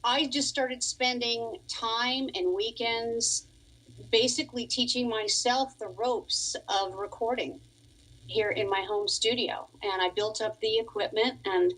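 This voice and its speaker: A woman's voice: fairly high pitch, fairly even intonation, unhurried, fairly bright tone, rough recording. A woman in her forties from Long Island chats easily as a guest on a radio interview. She is a musician and piano teacher who laughs often while telling her story. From Long Island, New York.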